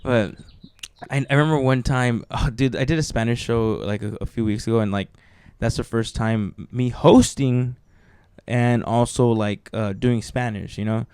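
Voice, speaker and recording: Swearing, animated comedian man. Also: mid-range voice, moderate pace, clear, resonant tone, no echo. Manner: swearing, animated, acts out voices in quotes. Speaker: podcast host and stand-up comedian. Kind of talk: casual chat, storytelling.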